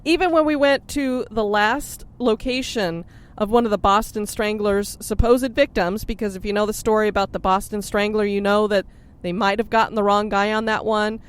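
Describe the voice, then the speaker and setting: A woman's voice: medium pitch, fairly even intonation, normal speed, smooth. A woman hosting a podcast, chatting in an upbeat, laughing way from inside a car, sharing one mic. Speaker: podcast host. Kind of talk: casual chat. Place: in a car on a road trip. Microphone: sharing one mic with co-host.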